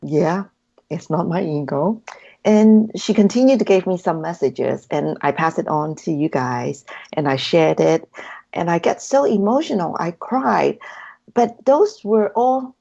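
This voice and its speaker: Speaking at a medium pitch, she sounds gravelly yet mellow. As a guest in an interview, this hypnotherapy practitioner tells her story earnestly, acting out what went on in her head, all captured in a dull, lo-fi recording.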